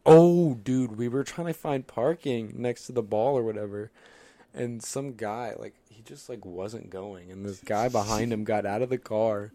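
Young man, low-pitched voice, relaxed and slangy, casual podcast chat. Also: unhurried, no room sound. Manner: laid-back, slangy storytelling. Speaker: podcast guest.

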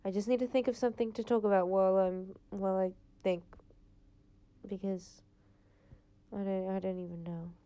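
Solo podcast host: teen girl, mellow tone, rambling and chatty. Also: mid-range voice, fairly even intonation, moderate pace, long pauses, smooth. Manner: rambling, chatty, lots of "like" fillers. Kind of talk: casual solo podcast chat. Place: home, late at night.

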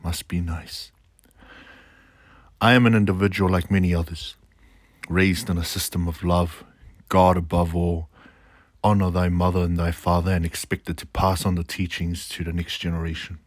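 A man's voice: low voice, level tone, normal speed, pauses often, no room sound, clean studio sound. A middle-aged man delivering a reflective spoken-word monologue, earnest and declamatory, slipping in casual slang asides.

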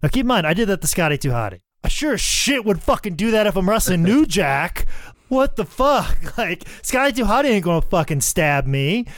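Man, former pro wrestler, casual podcast chat, candid and crude, smooth clear voice. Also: high-pitched, very animated, a little fast, fairly bright tone, dry recording. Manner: candid, profane, self-correcting.

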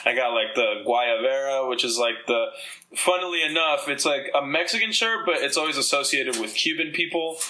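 Bright-voiced man telling stories on a podcast. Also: medium pitch, moderate pace, rough recording. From Dominican. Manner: rambling, profane, animated storytelling. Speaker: podcast host. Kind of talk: casual chat.

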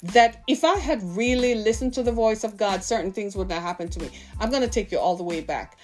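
A woman's voice: medium pitch, brisk, darkish tone, faint music behind. A woman in her fifties preaching a sermon, impassioned and full of rhetorical questions to her listeners. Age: 50s.

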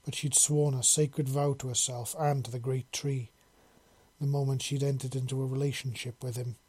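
A man narrating a storybook chapter in a calm, unhurried, even way. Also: medium pitch, slightly rough. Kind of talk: storybook reading.

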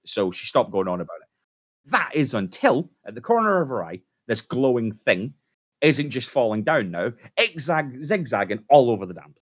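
A man's voice: mid-range voice, very animated, moderate pace. A man co-hosting a podcast, telling a story casually with swearing and jokey asides. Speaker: podcast co-host.

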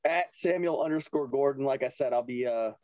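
A man's voice: mid-range voice, brisk, darkish tone, dry recording, dull audio. A young man co-hosting a casual podcast, loose, profane and laughing easily. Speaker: podcast co-host.

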